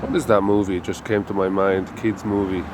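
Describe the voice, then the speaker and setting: A man's voice: low voice, little pitch movement, a little fast. A man casually narrating to viewers while walking his dog, with wry, chatty asides and some swearing. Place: city street outdoors. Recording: street traffic noise behind.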